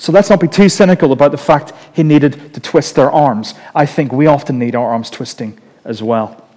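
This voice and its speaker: A man preaching a sermon in a lively, joking, conversational way. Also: fairly high pitch, moderate pace. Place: church. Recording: long reverb of a large hall.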